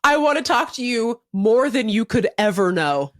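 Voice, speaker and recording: A woman's voice: a little high, very animated, moderate pace, no echo, studio quality. A woman co-hosting a podcast, telling a story animatedly in casual chat, acting out quotes and laughing often. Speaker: podcast co-host.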